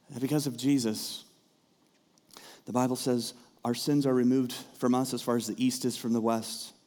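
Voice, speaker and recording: A man preaching a sermon as pastor, talking in a conversational way and turning lively when he acts out the people in the story. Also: mid-range voice. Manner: conversational, animated when acting out characters.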